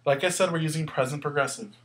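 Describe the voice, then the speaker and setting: A man's voice: a little high, fast talker, a bit bright, a little hiss or hum. A man teaching a Spanish grammar lesson, explaining patiently step by step and asking questions as he goes.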